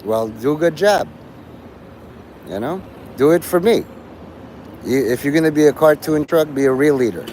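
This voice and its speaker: A man's voice: a little high, lively intonation, normal speed, long pauses, darkish tone, a little hiss or hum, rough recording. A man in his forties hosting a livestream, rambling casually, trailing off and restarting his thoughts. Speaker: livestream host.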